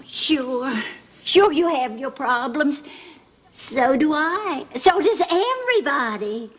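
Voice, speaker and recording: A fussy, high-voiced soap-opera mom. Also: female voice, lively intonation, slow, a little hiss or hum. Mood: lecturing. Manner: fretful, scolding and pleading by turns. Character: fussy, flustered middle-aged mother. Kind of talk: 1970s TV soap acting.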